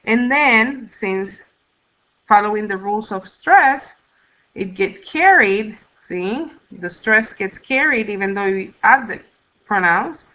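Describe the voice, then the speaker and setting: Woman, language teacher, narrated lesson recording, slow methodical delivery, dull lo-fi sound. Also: mid-range voice, lively intonation, bright, forceful tone. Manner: slow, careful explaining with counting steps. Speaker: Spanish teacher. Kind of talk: recorded slide lecture.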